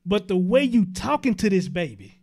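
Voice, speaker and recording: High-pitched man ranting on a show. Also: very animated, normal speed, darkish tone. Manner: incredulous, laughing through outrage, rhetorical questions. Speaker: show host. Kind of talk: reaction commentary.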